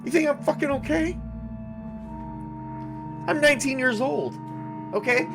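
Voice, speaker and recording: A man's voice: very high-pitched, a little slow, pitched above the performer's own voice. Man playing a panicked teenage boy survivor, pleading, frantic, faint background music. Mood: scared, pleading. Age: teen.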